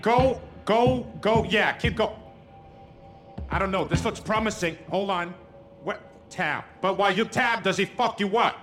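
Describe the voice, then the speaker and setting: A young man giving loud, profane, panicky commentary while playing a horror game. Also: very high voice. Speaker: gamer streamer.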